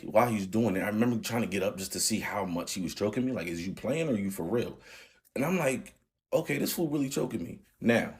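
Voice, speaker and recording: A man's voice: deep voice, a little mellow, breathy edge. A man in his thirties candidly retelling a family story in a casual, slangy vlog. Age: 30s. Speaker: channel host.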